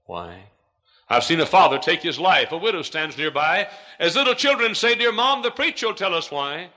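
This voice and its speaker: A man preaching a sermon as pastor, swinging from hushed, quiet lines to loud, shouted climaxes. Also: lowish voice, vocal fry.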